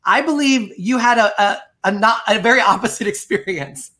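A woman hosts her interview show with a bright, crisp voice. She talks with bubbly energy and laughs easily between questions. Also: on the high side, moderate pace. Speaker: podcast host. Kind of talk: upbeat interview hosting.

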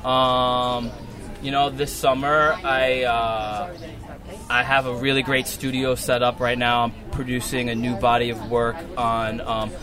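A man with a Long Island accent, a muralist talking casually in an interview, relaxed and rambling with many fillers and restarts. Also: medium pitch, measured pace, over music. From Long Island, New York. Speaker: muralist guest. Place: outdoors at a wall being painted.

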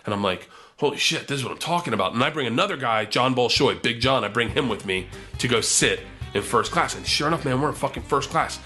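A man tells a rowdy comic story, swearing freely and acting out every quoted line in a higher, excited voice. His tone is bright and forceful throughout. Faint music plays softly behind him. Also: fast. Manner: profane, excitable, acts out the quotes in raised voices. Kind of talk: animated comic anecdote.

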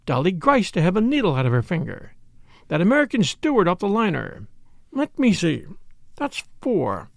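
A man voicing a brisk, gossipy middle-aged spinster sister who speaks in a complacent, self-important, knowing way. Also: high-pitched, huge pitch swings, creaky, no room sound, studio quality, exaggerated voice. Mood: self-satisfied. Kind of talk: audiobook character voice.

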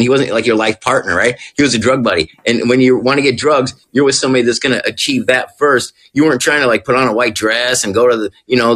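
Guy on a podcast explaining recovery stuff, casual, keeps asking "right?", mid-pitched voice. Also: fairly bright tone. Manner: conversational, checks in often with rhetorical questions.

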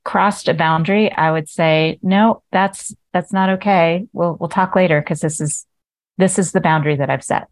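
A woman's voice: deep voice, fairly even intonation, normal speed. A woman hosting a podcast interview, speaking in a thoughtful, anecdotal way. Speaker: podcast host. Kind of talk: conversational interview.

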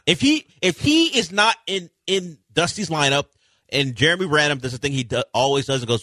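A man co-hosting sports talk radio, giving wry, dry-humored takes on the game. His voice is bright, with lively swings in pitch. The sound is close and dry. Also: fast, no echo.

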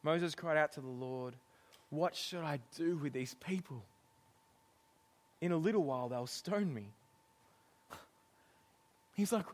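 A middle-aged man delivers a sermon in a fairly high voice. He preaches in an animated way, laughing often and acting out exasperated lines. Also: slow pace, long pauses.

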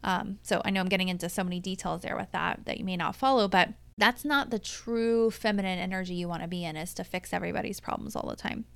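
Middle-aged woman coach hosting a solo podcast; smooth, resonant voice, dry close mic, casual and cursing. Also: on the low side, fast talker, hardly any pauses, no echo. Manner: casual, animated, swears freely.

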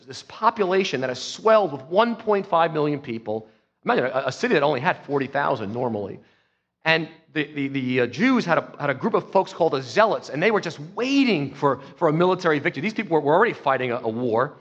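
A man preaching a sermon as pastor, telling the story emphatically and swinging between soft and loud. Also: high-pitched, big-room sound. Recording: dull lo-fi sound.

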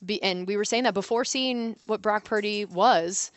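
A woman's voice: mid-range voice, moderate pace, dry recording. A woman co-hosting a casual sports chat, analytical and candid. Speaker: sports podcast co-host.

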